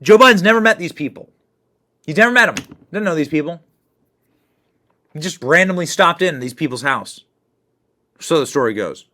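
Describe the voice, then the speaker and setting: A male commentator runs a reaction show and mocks each clip, laughing as he goes. His voice sits fairly high and sounds bright. His pitch swings widely from line to line. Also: normal speed, long pauses. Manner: mocking, animated, laughs often. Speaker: political commentary host.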